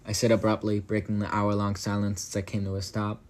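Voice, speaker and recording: A man with a fairly low, flat voice reads a first-person horror story aloud. He often stumbles and restarts a phrase, then drops into loose, profane asides to the listener in the same level tone. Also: brisk. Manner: stumbles and corrects himself while reading.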